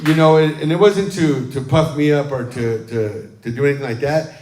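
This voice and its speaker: A man's voice: a little high, moderate pace, slight background noise. A man preaching as pastor, telling casual stories to his congregation and often adding "amen.". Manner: chatty, warm storytelling with frequent "um" and "amen". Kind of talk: casual sermon talk to a congregation. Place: church sanctuary, livestreamed. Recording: roomy church sanctuary sound.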